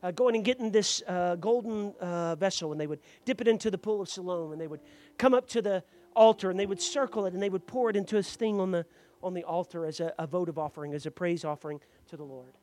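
A man preaching a sermon to a congregation in church, moving from quiet explanation to loud, fervent preaching and calling out members by name. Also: sits high, fast talker.

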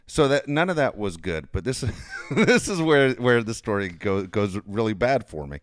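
Brief: middle-aged man, animated profane storyteller, dry close mic. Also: lowish voice, normal speed, no echo. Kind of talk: casual storytelling chat.

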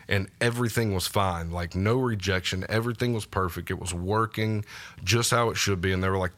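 A man telling a personal faith story as a podcast guest, casual and halting, with many fillers and restarts. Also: deep voice, a bit bright. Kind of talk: personal testimony in a podcast interview. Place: podcast studio.

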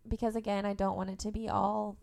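Young woman, from Indiana, podcast guest, casual chat, vocal fry, animated storyteller. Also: mid-range voice, fast. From Indiana, USA. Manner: animated storyteller, laughs often.

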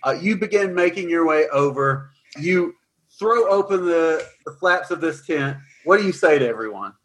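A man narrating a tabletop game as dungeon master, his voice sitting a little high. He recaps and sets scenes in a lively way, with occasional fillers. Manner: animated, quick recaps with fillers.

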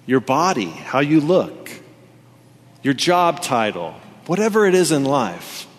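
A man in his thirties preaching a sermon in a church, telling a personal story in an animated, casual way with many fillers. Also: mid-range voice. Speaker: pastor. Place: church hall with congregation. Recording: long reverb from a large hall.

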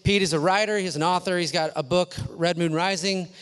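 A man's voice: sits high, fairly even intonation, brisk, fairly bright tone, smooth. A man on a church stage introducing a guest speaker in an enthusiastic, casual way. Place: large church auditorium. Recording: long church hall reverb.

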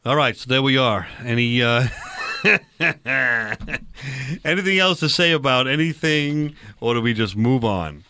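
A man's voice: mid-range voice, expressive, unhurried, pushed and bright, clean tone, dry recording. A male radio talk show host with a dry sound. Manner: rambling, with many fillers and restarts.

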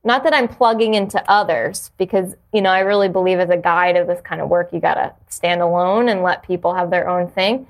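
A woman's voice: fairly low pitch, brisk, few pauses. A woman guest on a podcast, talking earnestly and reflectively about purpose, with frequent restarts. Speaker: podcast guest, yoga teacher. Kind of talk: casual interview conversation.

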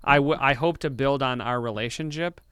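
A young man hosts a relaxed conversation, talking loosely and teasing his guest. His voice is smooth and clear, recorded close and dry with no room sound. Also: mid-range voice, normal speed, no room sound. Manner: loose, filler-heavy, playful teasing. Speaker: podcast host. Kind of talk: casual conversational interview.

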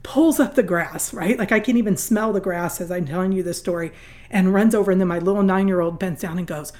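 A middle-aged woman from Southern California, a guest telling an earnest, animated story in an interview. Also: lowish voice, brisk. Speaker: guest, nonprofit founder.

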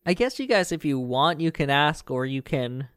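A male game master describing a scene in a tabletop game, talking casually and stopping often to find words. His voice is smooth and clear. The close mic adds no room sound. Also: fairly high pitch, big pitch swings, fairly bright tone, no echo. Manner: casual, halting, with many fillers and restarts.

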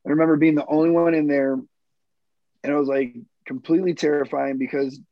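A man's voice: a little high, fairly even intonation, brisk, no room sound. A man in his thirties, a military veteran, telling his own story in a rambling, profane, casual way with plenty of fillers. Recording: dull lo-fi dry recording.

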